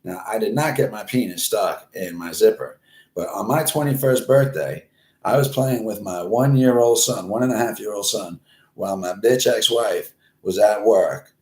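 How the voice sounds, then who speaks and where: A man in his forties tells a crude, rambling story, swearing all the way through and raising his voice whenever he acts out a scene. His voice sits on the low side. The sound bounces around an echoey room. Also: normal speed. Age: 40s. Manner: crude, rambling, swears constantly, animated when reenacting. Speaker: host. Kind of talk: profane storytelling monologue. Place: Florida, United States.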